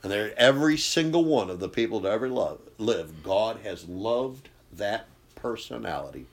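A man preaching a sermon, impassioned, swinging from loud bursts to hushed intensity. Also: fairly low pitch, expressive, normal speed.

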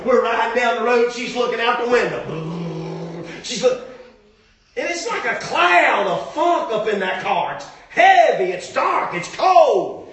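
Male pastor, joking sermon, high lively voice, far off in an echoey church. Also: a little slow. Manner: joking storyteller, often shouting. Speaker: preacher. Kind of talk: comic sermon. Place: church sanctuary. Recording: echoey church hall from afar.

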